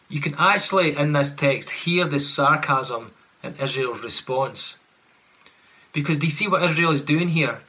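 Man, sermon, earnest preaching, rhetorical questions, crisp bright tone, mid pitch. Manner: earnest, rhetorical questions, acts out sarcastic paraphrases.

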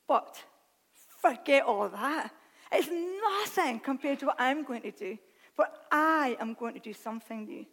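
A woman preaching a sermon, reading scripture aloud with animated, self-deprecating asides. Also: high-pitched, unhurried. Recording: long hall reverb.

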